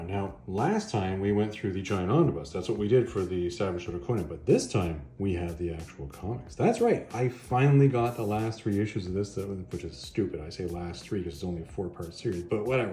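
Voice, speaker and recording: Male host, casual reviewer, lowish voice with lots of pitch movement, roomy echo. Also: brisk, hardly any pauses. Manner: animated, chatty retelling of a story. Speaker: comic book reviewer, channel host. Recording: roomy echo, faint music.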